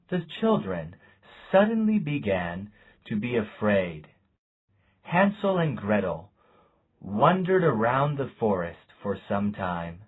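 Male storybook narrator, deliberate and lively in pitch, slightly low, lo-fi audio. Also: husky. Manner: slow, deliberate, lively intonation. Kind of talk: storybook reading.

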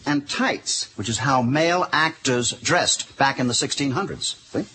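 A man's voice: medium pitch, a little slow, bright, forceful tone, slight background noise. An actor playing an enthusiastic middle-aged drama teacher who lectures his students. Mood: earnest.

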